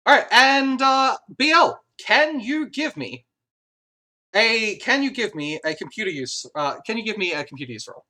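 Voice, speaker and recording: A game master runs a tabletop game in a mid-pitched voice. The speech rambles, with restarts and laughter. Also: expressive, moderate pace, sharp tone.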